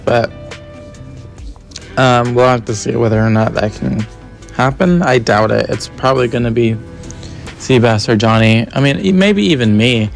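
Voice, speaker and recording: A man's voice: medium pitch, normal speed, vocal fry, pauses often, faint music behind. A young man recording a confessional video diary as a game contestant, rambling through his annoyed thoughts on strategy.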